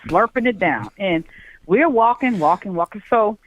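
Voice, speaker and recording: A man's voice: high voice, normal speed, slight background noise. A man in his forties from Chicago, telling a story on a call-in chat and acting out the voices in it. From Chicago, USA. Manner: animated, acts out quoted voices. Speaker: guest. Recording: tinny phone line, dry.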